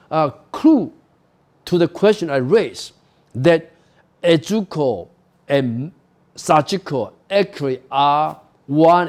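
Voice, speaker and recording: A man lecturing on a novel at a university, explaining slowly with frequent "you know" and "okay?" asides. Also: fairly high pitch, a little mellow.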